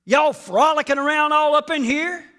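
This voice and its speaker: A man's voice: very high-pitched, moderate pace, bright, forceful tone, in a large hall, pitched above the performer's own voice. A man voicing God as a bemused, questioning deity who speaks in a folksy, incredulous way.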